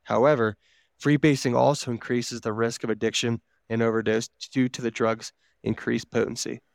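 A man's voice: mid-range voice, flat delivery, moderate pace, vocal fry, no room sound, clean studio sound. A man co-hosting a podcast, reading out notes in a casual, swearing manner while wheezing from asthma. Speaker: podcast co-host.

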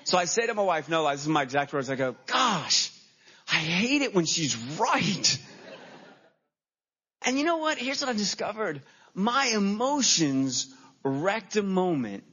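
Male pastor, high voice, animated sermon storyteller, dull lo-fi sermon recording. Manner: animated storytelling, acting out his own reactions. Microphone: handheld microphone.

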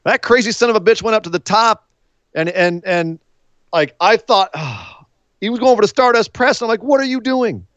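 Male podcast co-host, excitable storyteller, higher voice, dry, slightly dull recording. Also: moderate pace, no room sound. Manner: excitable, acts out moments with shouts and laughs. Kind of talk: casual podcast chat.

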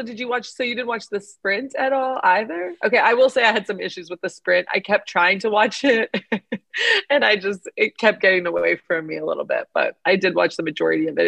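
A young woman co-hosting a casual chat podcast, quick and joking, laughing often. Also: mid-range voice, gravelly, a bit bright, no room sound. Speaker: podcast co-host.

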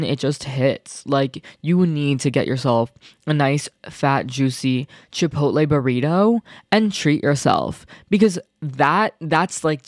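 A young man hosting his own podcast, chatting casually and excitably in a rambling way with lots of filler words. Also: medium pitch, no room sound, studio quality. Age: young adult. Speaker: podcast host. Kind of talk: casual solo podcast chat.

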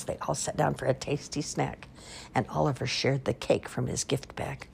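A woman reading children's stories aloud with expressive storytelling. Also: a bass voice, normal speed, creaky, soft background music. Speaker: storybook reader.

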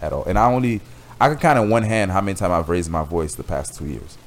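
Laid-back deep-voiced man from Miami. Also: expressive, quick pace. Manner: laid-back, streetwise slang, swears freely. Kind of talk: casual chat.

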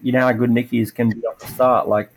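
A man's voice: medium pitch, quick pace, husky, rough recording. A middle-aged man in casual chat, telling racing stories with lots of fillers and acted-out quotes. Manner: animated storytelling, acts out quotes, many "like" fillers. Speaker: retired racer on a podcast.

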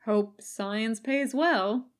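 A woman reading the part of a young male ninja recruit who speaks dry and deadpan, slowly. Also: a little high.

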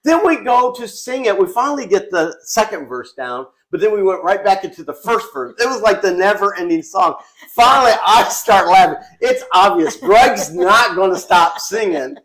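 A man with a notably high speaking voice chats casually on a family podcast. He tells his stories with animated energy and keeps breaking into laughter as he goes. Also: moderate pace, hardly any pauses. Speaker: podcast co-host.

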